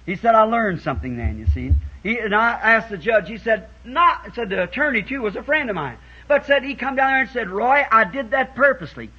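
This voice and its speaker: A man preaching a sermon to a church congregation in a folksy storytelling way, acting out quoted voices and building up to shouts, on a dull 1960s tape. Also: sits high, expressive, fairly quick, hardly any pauses, breathy edge.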